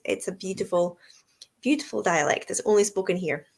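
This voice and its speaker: A woman with a Scottish Aberdeenshire accent chats casually as co-host of a live stream. Her voice sits at a middling pitch, and she talks freely with frequent laughter. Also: fairly quick, darkish tone, husky. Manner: chatty, laughs often. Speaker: co-host, whisky tour guide.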